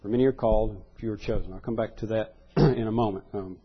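Husky-ish guy preaching a sermon, chatty and stop-start, kinda muffled lo-fi sound. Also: fairly low pitch. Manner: conversational, halting with repeated words and fillers.

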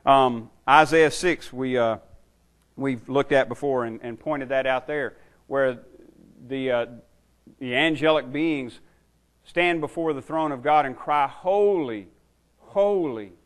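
A middle-aged or older man preaches, with a voice of ordinary pitch for a man. He moves between a relaxed, conversational way of explaining and slowed, emphatic reading of scripture. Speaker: pastor. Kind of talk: sermon.

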